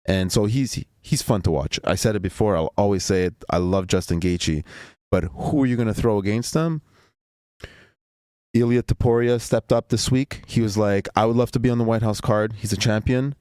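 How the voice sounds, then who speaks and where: Low-pitched guy rambling about fights, repeats himself a lot, dry close sound. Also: normal speed, a little mellow, smooth, no room sound. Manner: rambling, repeats words, opinionated. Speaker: podcast host. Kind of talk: casual sports chat.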